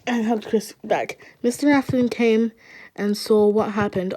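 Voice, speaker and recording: A woman's voice: a little high, steady tone, measured pace, mellow. A woman reading fan fiction aloud in an emotional way, stopping to laugh and apologize.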